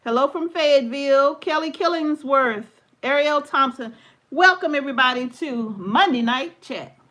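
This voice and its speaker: Brief: high-pitched woman, livestream co-host, chatty and laughing, reads viewers' names aloud. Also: moderate pace. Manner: warm, laughing, greets viewers by name. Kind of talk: casual live chat reading viewer comments.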